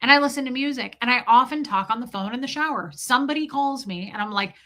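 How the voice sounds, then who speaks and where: A woman's voice: a little high, fast, bright, forceful tone. A woman hosting a livestream, chatting casually and profanely as she tells jokey stories and reacts to chat. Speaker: livestream host reading chat.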